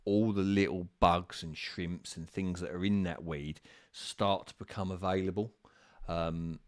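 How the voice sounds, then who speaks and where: A man's voice: deep voice, fairly even intonation, measured pace, clear, resonant tone, no echo, clean studio sound. A man on a live stream, answering viewers' carp fishing questions in a casual, rambling way with lots of ums and restarts.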